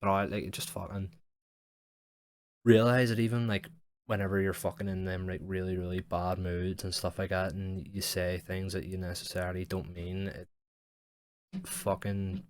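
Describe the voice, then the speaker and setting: A man's voice: low voice, flat delivery, moderate pace. A young man hosting a solo podcast, rambling frankly and reflectively about his feelings, with constant swearing and fillers. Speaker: podcast host. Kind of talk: casual solo podcast monologue.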